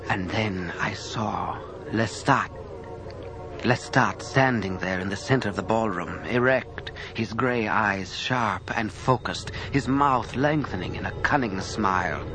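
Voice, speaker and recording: A man narrating an audiobook in the first person with an expressive reading. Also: lowish voice, background noise.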